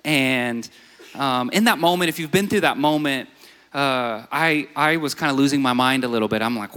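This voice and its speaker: A man's voice: mid-range voice, moderate pace, fairly bright tone, clean tone. Man preaching in a reverberant hall. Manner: storytelling, builds to emphatic exhortation. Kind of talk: sermon.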